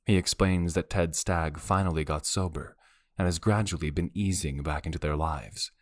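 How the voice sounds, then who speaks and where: A male narrator reads a romance audiobook in the first person, with a wry, brooding delivery. His voice sits very low. The recording is close and dry. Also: normal speed, dry recording.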